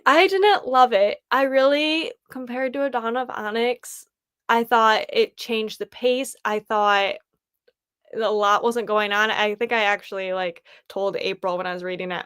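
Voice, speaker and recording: A woman's voice: fairly high pitch, smooth, no echo, studio quality. A woman hosting a casual livestream, chatting and rambling as she thinks aloud. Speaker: livestream host.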